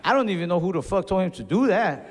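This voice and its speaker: A man's voice: high-pitched, big pitch swings, quick pace, noisy background. A young man doing a stand-up comedy set, telling stories in a laid-back way and acting out his own outbursts. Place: comedy venue, large hall. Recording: live hall reverb, faint crowd ambience.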